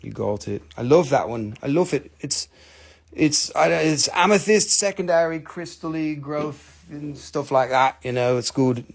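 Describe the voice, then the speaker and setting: A man's voice: a little high, lively intonation, a little slow, vocal fry. A man hosting a live crystal sale, rambling and joking with crude humor and playful put-on voices. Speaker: host selling crystals on a live stream. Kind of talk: casual live sales chat.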